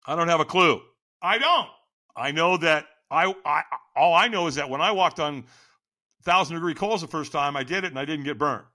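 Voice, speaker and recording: Man, bright voice, animated storyteller, laughing, acts out quotes. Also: fairly high pitch. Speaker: guest, firewalk instructor.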